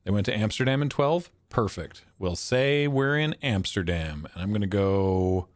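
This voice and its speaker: A man's voice: on the low side, expressive, moderate pace, no room sound, clean studio sound. A man streaming a geography guessing game, thinking aloud and poking fun at his own guesses. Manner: thinking aloud, self-mocking, chuckling. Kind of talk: casual livestream commentary.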